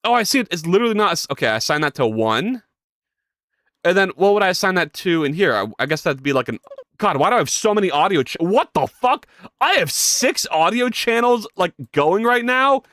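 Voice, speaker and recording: Excitable, swearing game-dev streamer. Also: mid-range voice, brisk, dry recording, clean studio sound. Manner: excitable, swears, self-deprecating; talks to chat, greets viewers by name. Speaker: game developer livestreamer. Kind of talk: casual livestream chat.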